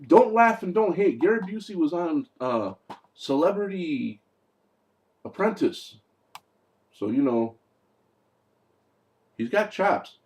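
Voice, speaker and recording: A man's voice: sits high, sing-song, takes it slowly, long pauses, darkish tone. A young man giving a casual, mocking movie review, talking loosely and acting out lines.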